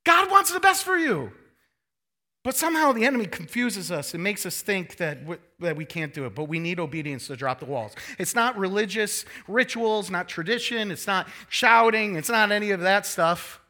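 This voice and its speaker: A man's voice: high-pitched, moderate pace. A man in his thirties preaching a sermon, joking and acting out quoted voices. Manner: animated, joking, acts out quotes in changing voices. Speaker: pastor.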